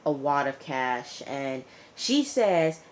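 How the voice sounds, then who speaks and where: With a very deep, very animated voice, a female TV reviewer takes her time recapping an episode in a casual, chatty way. She sprinkles in plenty of "like" and "you know" and talks back to the characters while retelling what happened.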